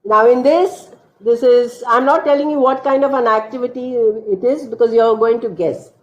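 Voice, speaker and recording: Woman teacher trainer, measured and deliberate delivery; roomy, muffled lo-fi audio. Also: a little high. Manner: slow, deliberate explaining with acted classroom drills. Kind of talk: online teacher-training session. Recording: roomy, dull lo-fi online session audio.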